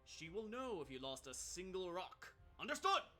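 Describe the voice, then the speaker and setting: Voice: medium pitch, big pitch swings, moderate pace, sharp tone, soft background music, voice pushed up. A game master voicing a smug royal prince who barks orders at his soldiers in a raised, strained voice. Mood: commanding. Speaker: in-game character.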